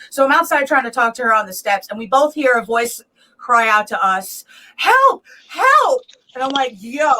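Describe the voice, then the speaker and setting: A woman's voice: on the high side, sharp tone, rough recording. A woman hosting a talk show, blunt and swearing often in casual chat.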